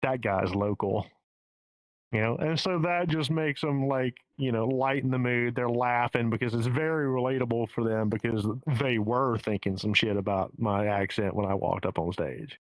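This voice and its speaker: A man's voice: medium pitch, normal speed, hardly any pauses, dry recording, low-quality recording. A man with a Southern US accent talking as a stand-up comedian guest in a casual podcast interview, candid and profane, often restarting his sentences. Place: home in the Pacific Northwest.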